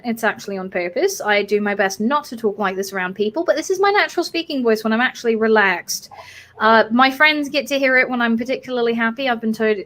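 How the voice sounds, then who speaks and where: A fairly high-voiced woman hosting a casual stream, her British accent a blend of South London and Sheffield with an American edge. She is a little tipsy on wine and rambles discursively, full of fillers and side turns. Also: a bit bright. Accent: British mix of South London and Sheffield with an American tinge. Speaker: streamer host.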